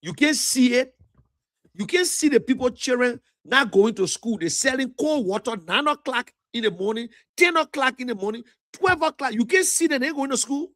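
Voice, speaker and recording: Emphatic Liberian man, high voice. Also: animated, normal speed, fairly bright tone, no room sound. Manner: emphatic, repetitive, lecturing. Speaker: livestream host. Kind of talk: political commentary rant.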